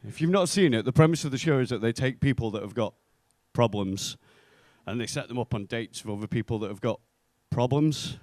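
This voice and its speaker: A young man at a stand-up mic, his voice sitting in a middling register. The sound is close and dry, with little room around it. He lands his jokes deadpan and slips into other people's voices for his stories. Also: medium pitch, brisk, no echo. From North West England. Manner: deadpan punchlines, acts out quoted voices. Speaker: stand-up comedian. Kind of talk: stand-up comedy set. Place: comedy club stage.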